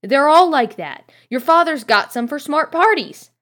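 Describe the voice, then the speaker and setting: A fussy motherly witch of middle age, all bustle and scolding, as a woman reads her aloud. Her voice sits up high and pushes forward with brisk insistence. A storybook mum who fusses over every detail. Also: sing-song. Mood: insistent.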